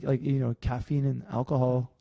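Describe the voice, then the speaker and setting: Man, podcast co-host, karate instructor, dark gravelly voice, rambling animated chat, dry close mic. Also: mid-range voice, normal speed, dry recording. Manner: rambling and animated, full of "like" and "right?".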